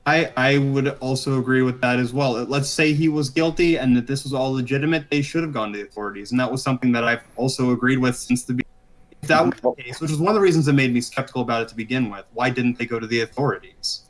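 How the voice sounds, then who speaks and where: A man debating over a voice call who hedges, concedes points and talks in a jittery rush. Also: mid-range voice. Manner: fast, hedging, conciliatory. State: jittery from energy drinks. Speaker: debate guest.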